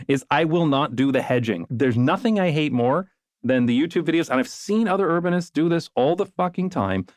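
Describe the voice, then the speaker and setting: A man hosting a conversational podcast, casual and animated, swearing and mimicking people to make his point. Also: a little high, brisk, no echo, clean studio sound. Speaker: podcast host and video creator.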